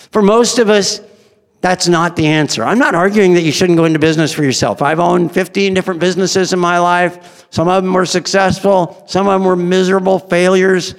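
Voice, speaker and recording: A middle-aged man speaks to an audience with blunt, joking candor, chuckling as he goes. His voice sits fairly high with a gravelly edge. It carries a long, echoing reverb from a large hall. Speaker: employer giving a talk. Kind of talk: humorous speech to an audience.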